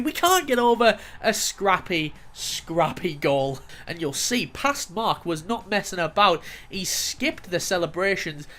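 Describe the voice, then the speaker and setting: A man casually commentating over his own football video game highlights, getting loud and excited on chances and goals. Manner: swears casually, chuckles at his own replays. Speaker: gaming YouTuber.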